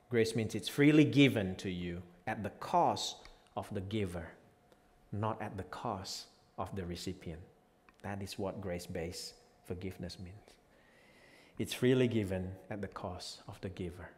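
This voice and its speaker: A man's voice: low voice, moderate pace. Impassioned male pastor in a reverberant hall. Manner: impassioned, swinging from quiet to loud emphatic peaks. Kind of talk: sermon. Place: church sanctuary.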